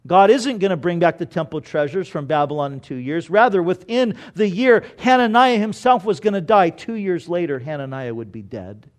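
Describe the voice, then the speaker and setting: A man preaching a sermon, telling the story in an animated way that rises loud for emphasis and drops low and quiet.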